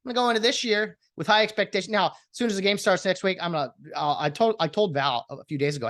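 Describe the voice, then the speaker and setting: A man hosting a casual solo podcast, rambling and getting excitable as a sports fan. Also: on the high side, rapid-fire, hardly any pauses, no room sound, studio quality. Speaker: podcast host.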